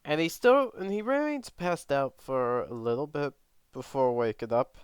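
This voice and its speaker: A man's voice: medium pitch, animated, normal speed, clear, resonant tone, dry recording, studio quality. A man casually narrating a fan story, chatty and self-correcting with side comments.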